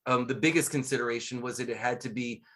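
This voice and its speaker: Lively storytelling man, podcast guest. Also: medium pitch, fast talker. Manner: lively storyteller, laughs often. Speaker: guest, scuba instructor and magician. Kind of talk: casual interview chat.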